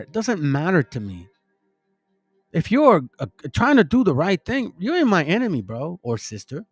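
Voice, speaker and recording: Middle-aged man, slightly high voice, slangy rambling monologue to online followers, voices the characters in his anecdotes. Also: no room sound. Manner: slangy, addresses listeners as bro and family; retells stories acting out each character. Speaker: online religious commentator.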